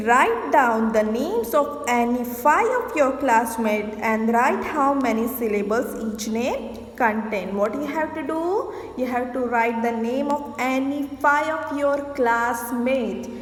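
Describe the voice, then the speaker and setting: A woman teacher giving a classroom lesson, explaining points, asking questions and answering them herself. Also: high voice. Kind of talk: classroom lesson mixing English and Hindi. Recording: echoey room with long reverb.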